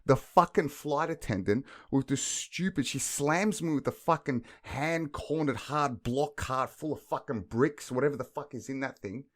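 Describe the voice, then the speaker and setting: A man's voice: mid-range voice, moderate pace, hardly any pauses. A young man co-hosting a podcast, telling crude stories full of swearing and acted-out quotes. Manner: swears constantly, animated storytelling with acted-out quotes. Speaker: podcast co-host. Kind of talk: casual crude banter.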